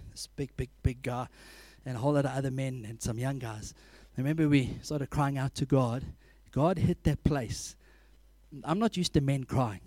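A man preaching a sermon, telling animated stories, laughing often and acting out scenes. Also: medium pitch, no room sound.

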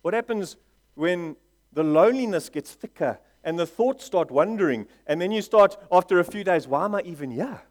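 A man's voice: sits high, expressive, moderate pace. A man preaching a sermon, joking with the congregation and acting out little dialogues, laughing often as he talks. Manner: laughs often while speaking.

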